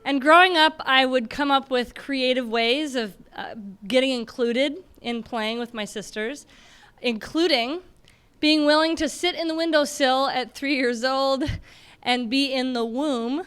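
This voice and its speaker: A young woman from Michigan telling a personal story on stage, animated and laughing often as she acts out the moments. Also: high voice, unhurried, smooth. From Michigan, USA. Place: stage before a live audience.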